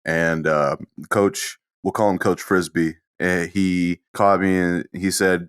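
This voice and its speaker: A man co-hosting a podcast, telling crude stories in deadpan casual chat. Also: deep voice, slow pace, few pauses, clear, resonant tone, no echo, studio quality. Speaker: podcast co-host.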